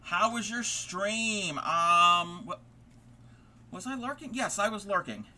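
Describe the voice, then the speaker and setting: A man's voice: sits high, takes it slowly, bright, forceful tone, a little hiss or hum. A man chatting casually with his live-stream viewers as he crafts, rambling and friendly. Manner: rambling, friendly, talks to chat between tasks. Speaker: live-streaming fiber artist.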